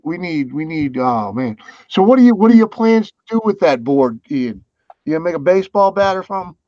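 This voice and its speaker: A man's voice: a little high, sing-song, brisk, warm tone, no room sound. Easygoing man laughing on a dull dry mic. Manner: laughing, self-deprecating, easygoing. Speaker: livestream host. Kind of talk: casual livestream chat.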